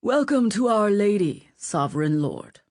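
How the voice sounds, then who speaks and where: A woman's voice: mid-range voice, sing-song, measured pace, a little mellow, no room sound, clean studio sound. Woman voicing a gracious old churchman. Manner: formal, courteous. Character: older male church deaconius, gracious and formal.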